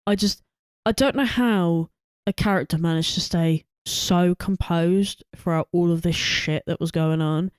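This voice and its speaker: A woman co-hosting a film podcast, talking in an animated way, acting out her own reactions with exclamations. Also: on the low side, unhurried, clean tone, dry recording, clean studio sound. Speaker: podcast co-host. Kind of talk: casual film discussion.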